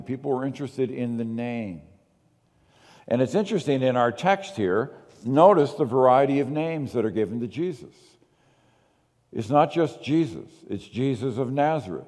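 A man preaching a sermon as pastor, moving between quiet asides and emphatic, slowed readings of scripture. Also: medium pitch, long reverb tail.

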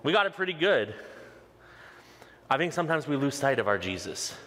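A male pastor preaching a sermon with passion, leaning on slow, emphatic repeated lines. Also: mid-range voice, sing-song, bright, forceful tone. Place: church sanctuary. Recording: long reverb of a large hall.

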